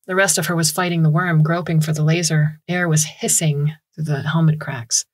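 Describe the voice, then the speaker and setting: On a close studio mic, a woman with a low-sitting voice narrates a science fiction story in a measured, steady storytelling style.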